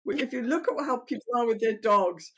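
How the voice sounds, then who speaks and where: Older woman therapist, animated storyteller. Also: a little high, brisk. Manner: animated, acts out client and therapist dialogue. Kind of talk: explaining therapy in an interview.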